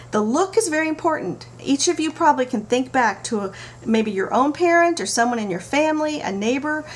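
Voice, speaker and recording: A middle-aged woman talking to camera about parenting, telling stories in an animated way with playful asides. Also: fairly high pitch. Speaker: parenting vlogger. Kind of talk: casual talk to camera. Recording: faint background noise.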